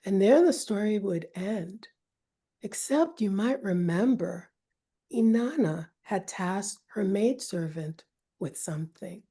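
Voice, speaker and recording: Slow, dark-toned woman telling a myth. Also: mid-range voice, animated, slightly rough. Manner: measured, dramatic, dips into whispers. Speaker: storyteller. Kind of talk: oral myth storytelling.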